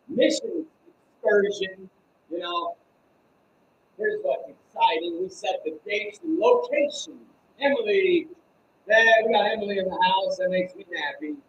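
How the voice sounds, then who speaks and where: An energetic American man with a high voice hosts a live stream, calling out viewers by name and breaking into preacher-like exclamations. He sounds like he is in an echoey room with a faint hiss of noise. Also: dull audio. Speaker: host of a live-streamed Christian show.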